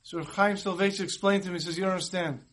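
Rabbi guy with a high voice, chatty storytelling torah lesson, throws in hebrew and yiddish words. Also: steady tone, racing, fairly bright tone. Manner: conversational, mixes Hebrew and Yiddish terms. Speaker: rabbi teaching a Torah class. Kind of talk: storytelling sermon.

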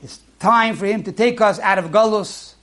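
A man's voice: sits high, normal speed. A man giving a sermon, telling a story and acting out the people in it. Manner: acts out characters in a story, animated. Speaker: rabbi.

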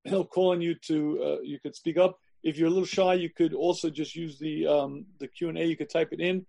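A man lecturing as a rabbi, emphatic, repeating his phrases and often clearing his throat, on a video call. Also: a little high, fairly even intonation, a little fast, warm tone. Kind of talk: sermon-style lecture.

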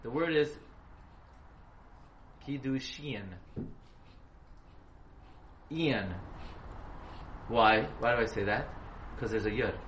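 A man's voice: mid-range voice, unhurried, long pauses, fairly bright tone. A man giving a halacha class, questioning his students and spelling words out letter by letter. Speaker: Torah teacher. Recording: echoey room, faint hiss.

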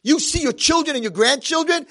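A man's voice: extremely high pitch, fairly quick, bright, forceful tone, voice pushed up. A man voicing a miserable, cranky blind old man who screams at his roommate. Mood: bitter. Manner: screaming, bitter.

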